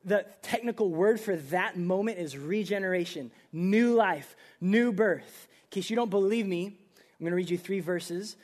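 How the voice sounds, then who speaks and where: A young man preaching a sermon in a casual, animated way, with everyday slang. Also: high-pitched, normal speed. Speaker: pastor.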